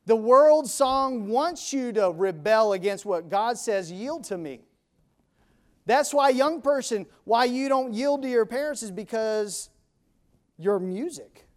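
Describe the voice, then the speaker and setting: Male preacher, high-pitched, unhurried delivery, emphatic rhetorical questions. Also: animated. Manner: emphatic, asks and answers his own questions; counts beats and sings snatches of songs. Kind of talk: sermon.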